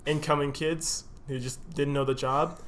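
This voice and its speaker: A man's voice: on the high side, normal speed, slight background noise. A young man co-hosting a podcast, telling a workplace story in casual chat and laughing through it as he swears freely. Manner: laughs through his stories, lively swearing. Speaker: podcast co-host.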